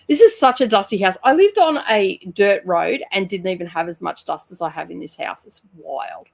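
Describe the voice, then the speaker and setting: An Australian woman with a medium-pitched, gravelly voice hosts a reading sprint livestream from a room by her bookshelves at home. She greets viewers and chats casually, laughing often though sounding sluggish and a little tired.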